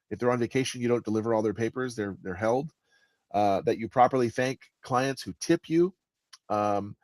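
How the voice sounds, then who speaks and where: Guy author chatting in an interview, mid pitch, expressive, dry close mic. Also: dry recording. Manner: expressive, stresses words, frequent restarts. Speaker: guest author and audiobook narrator. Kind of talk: conversational interview answers.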